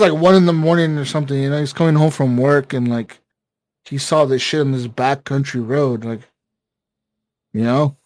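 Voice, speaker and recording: A man co-hosting a gaming podcast, telling a story in casual chat, excitable and profane, with lots of fillers and acted-out quotes. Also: fairly high pitch, dry recording. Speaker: podcast co-host.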